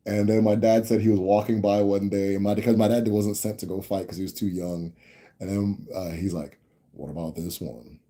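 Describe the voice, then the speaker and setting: A deep-voiced man talks viewers through a long family story on a live stream. His tone is very dark and mellow. He rambles, restarts his sentences and keeps checking in with his listeners. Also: level tone, a little fast. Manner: rambling, with many restarts and tag questions. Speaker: host answering viewer questions.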